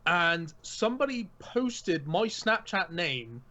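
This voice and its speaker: A man's voice: high voice, very animated, slow pace, pushed and bright, muffled recording. A man on a casual podcast, telling a rambling, laid-back story as a guest streamer.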